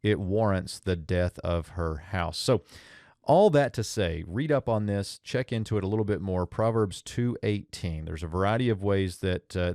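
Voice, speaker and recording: A man's voice: low-pitched, darkish tone, no echo, studio quality. A man teaching an ancient-language lesson at a whiteboard, thinking aloud with fillers and self-corrections.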